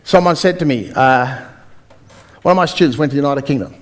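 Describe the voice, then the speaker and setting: A man's voice: medium pitch, fairly quick. A middle-aged Australian man giving a motivational seminar talk, telling stories with quoted dialogue and quizzing the audience. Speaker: seminar speaker.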